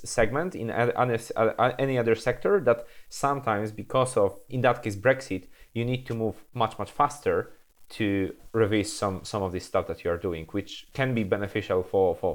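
A man speaking as a panelist, halting and repeating words as he searches for the right one. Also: mid-range voice. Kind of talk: panel discussion.

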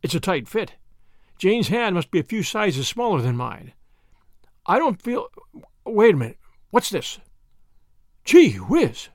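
A man's voice: sits high, big pitch swings, measured pace, pauses often, dry recording, clean studio sound, full character voice. A man voicing a brash young man, drawling and confident. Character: brash young American man, eager and cocky.

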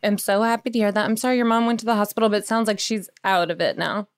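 Animated, laughing woman host. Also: medium pitch, quick pace, smooth. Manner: animated, laughs often, acts out quotes. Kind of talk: casual chat.

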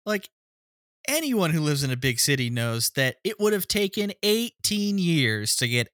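A man's voice: fairly high pitch, sing-song, normal speed, a bit bright, dry recording, clean studio sound. A man co-hosting a casual movie-review podcast, sarcastic and profane. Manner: sarcastic, profane, goes into silly voices. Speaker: podcast co-host.

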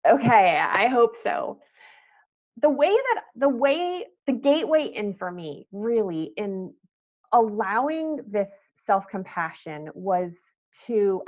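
Soft thoughtful woman guest, really slow talker, kinda muffled lo-fi sound. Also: mid-range voice. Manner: soft-spoken, thoughtful, pauses and restarts. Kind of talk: podcast interview, reflective storytelling.

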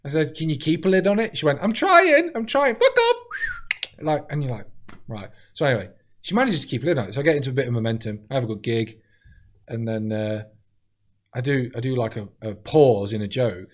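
A man who is a comedian, chatting on a podcast, telling animated stories, acting out voices and swearing freely. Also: mid-range voice, fast talker. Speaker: comedian guest. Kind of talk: casual podcast chat.

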